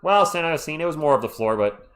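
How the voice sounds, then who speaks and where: With a fairly high pitch and a quick pace, a man calls the action on a live stream, clearly cheering as a fan. He's excitable and biased, frequently stopping to greet viewers in the chat.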